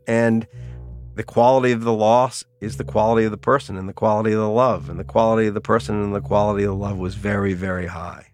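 A middle-aged man telling lively stories about his daughter as a guest in an interview. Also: on the low side, quick pace, faint music behind. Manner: animated storyteller, acts out quotes. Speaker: guest, author. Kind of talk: storytelling in an interview.

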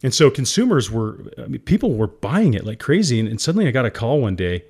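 A man's voice: mid-range voice, sing-song, fast talker, a little mellow, breathy edge. A man, a company founder, candidly telling his story as a guest in an interview, earnest and emotional.

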